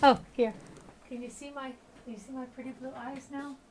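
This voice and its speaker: A woman's voice: high-pitched, fairly even intonation, a little fast. A woman in her thirties chatting with her viewers while streaming a game, laughing often. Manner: giggly, chatty, talks to chat. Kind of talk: casual gaming livestream chat.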